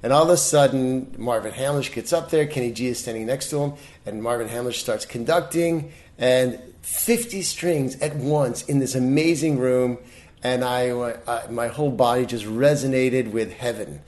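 A middle-aged man talks as a guest in a relaxed interview. He tells stories animatedly and restarts his sentences often, at a pitch of ordinary height. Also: normal speed. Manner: animated storyteller, many restarts. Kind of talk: casual interview storytelling.

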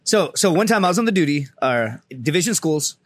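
A man's voice: on the high side, a little fast, no room sound. A man telling a crude war-buddy story on a casual podcast, swearing often and acting out the people he quotes. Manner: profane, animated storytelling with acted-out quotes. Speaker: podcast co-host, Marine veteran.

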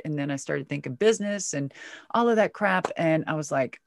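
A woman recounts her past in a loose, chatty interview voice. Her pitch leaps up whenever she acts out a remark, and her tone stays animated throughout. The sound is close and dry, with no room around it. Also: moderate pace, no room sound. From Minnesota. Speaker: guest. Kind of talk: casual storytelling interview.

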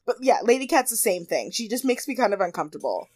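Young woman podcast co-host, casual and animated, quotes people with big exaggerated voices, dry close sound. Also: on the high side, fast talker, dry recording. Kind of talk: casual chat.

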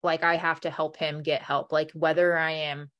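A woman's voice: low voice, flat delivery, moderate pace, a bit bright, muffled recording. A young woman telling a personal story in a conversation, talking emotionally with many "like" fillers and acting out what people said. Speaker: guest.

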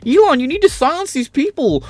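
A man mocking a whiny high-voiced pundit. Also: big pitch swings, fairly quick, a little mellow, no echo. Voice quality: high, pleading whine. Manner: self-pitying, complaining.

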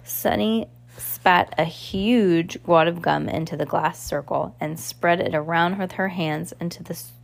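A woman's voice: lowish voice, measured pace, vocal fry. A woman reading a novel aloud in an unpolished way, with stumbles and restarts. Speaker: reader.

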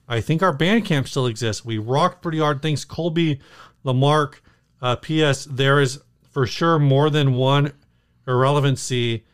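Male podcast co-host, easygoing and teasing, smooth clear voice. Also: medium pitch, a bit bright. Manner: easygoing, teasing, reads sponsor spots. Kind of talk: casual chat.

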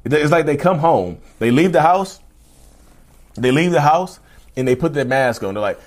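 A man hosting his own podcast in a casual, animated solo monologue, often repeating and restarting himself as he goes. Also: fairly high pitch, moderate pace. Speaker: podcast host.

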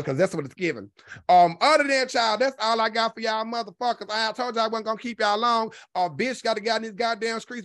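A foul-mouthed commentary vlogger with a mid-range voice, ranting with loads of sass and drawn-out emphasis. The sound is dry and close, with no room around it. The delivery keeps swinging between loud jabs and low asides. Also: no room sound. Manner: sassy, animated, swears constantly, drawn-out emphasis. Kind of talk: profane gossip commentary.

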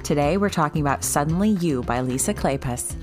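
A woman co-hosts a podcast in relaxed, rambling chat full of small asides. Her voice sits low. It is still animated and moves freely in pitch. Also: brisk, soft background music. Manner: chatty, rambling with fillers. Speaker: podcast co-host. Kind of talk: casual chat.

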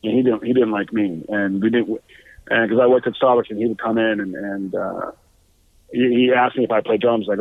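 A man's voice: lowish voice, brisk, no room sound. A man, a drummer, telling a story in an interview, acting out the quoted exchanges with lots of energy. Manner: animated, acts out quoted exchanges. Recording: thin phone-like sound, dry.

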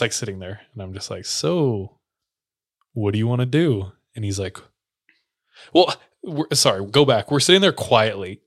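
Young man telling stories, laughing often. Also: lowish voice. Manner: laughing storyteller, drops into quiet quoted voices. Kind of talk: casual chat.

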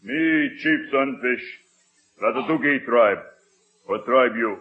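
An actor in an old radio sitcom playing a grown man as an Indian chief who talks in slow, clipped, broken phrases. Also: medium pitch, close to an everyday voice. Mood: stern. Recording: tinny narrow-band old radio.

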